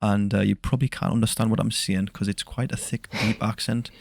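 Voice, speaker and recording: A man's voice: lowish voice, flat delivery, brisk, creaky, darkish tone, dry recording, studio quality. A man putting on a thick Geordie accent, voicing a friendly, chummy Newcastle man.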